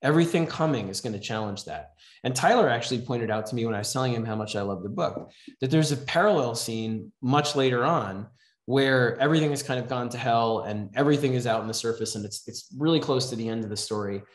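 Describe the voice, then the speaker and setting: A man lectures to a writing class in a loose, chatty way and keeps checking in with "right?". His voice sits at a middle male pitch. The room around him is echoey. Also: quick pace. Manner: conversational, often adds "right?". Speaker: writing teacher. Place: class in a house.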